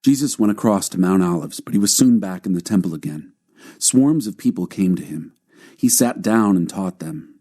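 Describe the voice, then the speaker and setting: A man narrating a scripted Bible reading with a calm, steady delivery. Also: low voice, moderate pace.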